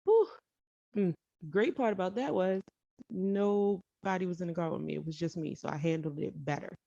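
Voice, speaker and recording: Low-voiced woman telling a rambling story. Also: normal speed, creaky, warm tone, dry recording. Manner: rambling, self-correcting, emphatic asides. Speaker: storytelling vlogger. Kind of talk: casual storytime monologue. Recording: dull lo-fi dry recording.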